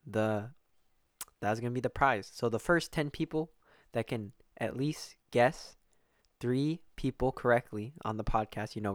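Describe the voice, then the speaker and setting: Young man, solo podcast host, casual profane chat, smooth voice, dry recording. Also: mid-range voice, no room sound. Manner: casual, profane, rambling with restarts.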